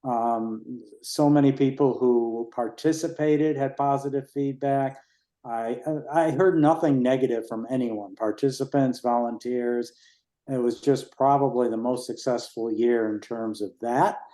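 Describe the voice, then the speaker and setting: A man in his sixties giving a rambling, relaxed report on the race he organizes at a town committee meeting. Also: mid-range voice, a little slow, roomy sound. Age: 60s. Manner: rambling, relaxed, with fillers and restarts.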